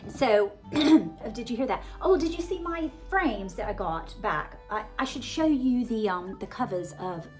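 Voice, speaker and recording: A woman's voice: a little high, lively intonation, unhurried, soft background music. A woman in her forties with a Southern American accent put on as British RP, rambling chattily and effusively to her viewers. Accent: American Southern with a put-on British RP polish. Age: 40s. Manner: gushing, effusive, chatty with many fillers. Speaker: author and vlogger. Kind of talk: rambling casual monologue to viewers.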